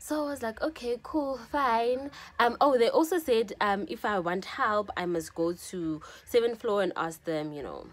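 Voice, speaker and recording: A young woman vlogger from South Africa telling a personal story to her viewers, animated and chatty, often saying "yo" and "guys". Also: a little high, normal speed, few pauses. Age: young adult. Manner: animated, frequent "yo" and "guys" fillers. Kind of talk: casual storytime.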